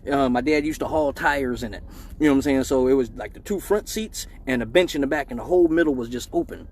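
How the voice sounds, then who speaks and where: A man's voice: medium pitch, fast talker, a little hiss or hum. A middle-aged man, hosting a live stream and telling a profane story in a casual way, acting out the voices in it. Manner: animated, profane, acts out voices in his story. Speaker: live show host.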